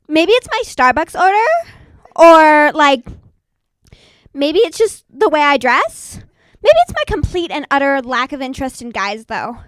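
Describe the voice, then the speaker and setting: A teenage girl performing a self-mocking stand-up comedy set at an open mic, bursting into loud acted quotes. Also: high-pitched, no room sound, studio quality. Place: small live performance venue.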